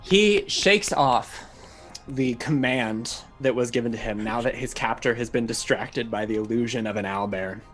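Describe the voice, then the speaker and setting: A man's voice: medium pitch, normal speed, fairly bright tone, faint music behind. A British man narrating as dungeon master, dramatic and laughing as he tells the action. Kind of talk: narrating a tabletop game.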